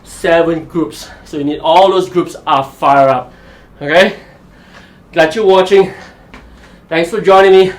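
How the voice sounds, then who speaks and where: A man's voice: on the high side, a little slow, long pauses, reverberant. A man hosting a live golf fitness show, talking energetically and motivating viewers through exercises. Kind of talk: live-streamed workout and golf tips.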